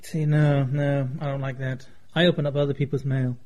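A man's voice: medium pitch, flat delivery, moderate pace, darkish tone. A man co-hosting a casual comedic podcast, rambling through stories with dry jokes. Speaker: podcast co-host.

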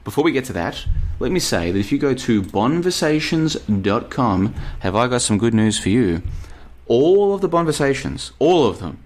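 A man's voice: medium pitch, very animated, moderate pace. A man with an Australian accent hosting a casual live stream, reading out chat messages and answering them in a rambling, emphatic way that repeats itself. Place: apartment in Bulgaria.

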